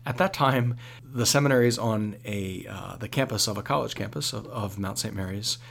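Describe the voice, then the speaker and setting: A man, a priest, telling stories as a guest on a radio talk show, animated and full of restarts. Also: lowish voice, moderate pace, creaky, breathy edge. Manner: animated storytelling with many restarts. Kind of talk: radio interview.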